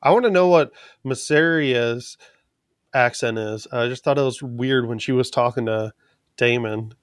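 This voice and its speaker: A man's voice: mid-range voice, unhurried, smooth, dry recording, clean studio sound. A man co-hosting a podcast in casual chat, sarcastic and teasing, laughing at his own jokes. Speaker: podcast co-host.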